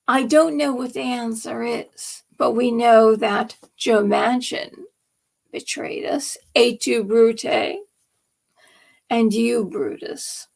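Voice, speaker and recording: Slow, gravelly woman ranting on a live stream. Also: a little high. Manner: rambling, emphatic, drops to whispers. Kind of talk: late-night political and religious monologue.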